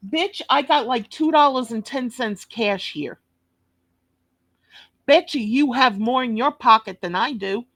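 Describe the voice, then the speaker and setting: A woman with a New York accent rants bluntly through a reaction commentary, cursing and scolding. She talks slowly in a fairly high voice. The sound is dry and close. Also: expressive, a bit bright, no echo. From Brooklyn, New York. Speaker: reaction video host.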